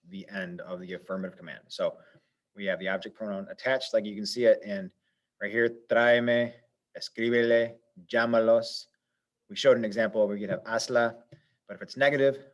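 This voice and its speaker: Patient man walking through a lesson. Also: on the low side. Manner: patient, methodical, thinks aloud with fillers. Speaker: Spanish teacher. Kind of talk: step-by-step lesson explanation.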